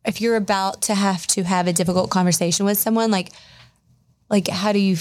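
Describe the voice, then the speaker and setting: A woman's voice: mid-range voice, fairly even intonation, fairly quick, a little mellow. A woman co-hosting a podcast, chatting casually with many fillers and a self-deprecating tone. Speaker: podcast co-host.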